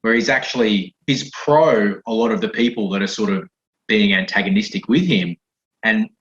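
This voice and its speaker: A man's voice: fairly low pitch, a bit bright. A man hosting a podcast, rambling and thinking aloud as he asks loose questions in a casual interview. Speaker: podcast host. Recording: roomy, dull lo-fi sound.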